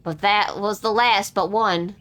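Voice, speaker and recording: A woman with a medium-pitched, steady, slightly bright voice reads game quest dialogue aloud at an unhurried pace, lightly acting it out. She plays a crude, foul-mouthed female pirate captain, speaking gruffly in coarse old-timey pirate slang and stumbling over some words.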